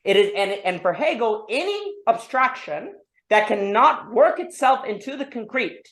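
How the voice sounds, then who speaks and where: A woman hosting an online discussion, thinking aloud about philosophy in an animated way, full of restarts and rhetorical questions. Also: on the high side, moderate pace. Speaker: discussion host. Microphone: online call. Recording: roomy echo.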